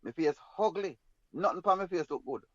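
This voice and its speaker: A man's voice: high voice, animated, fairly quick, no room sound, lo-fi sound. A man with a Jamaican accent telling a personal story in an emphatic, rambling way in patois. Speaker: guest storyteller.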